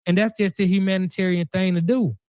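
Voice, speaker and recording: Podcast host, man, higher-pitched, animated slang, dry close sound. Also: fast, clear, resonant tone, no echo. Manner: animated, slangy, thinks out loud. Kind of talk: casual conversation.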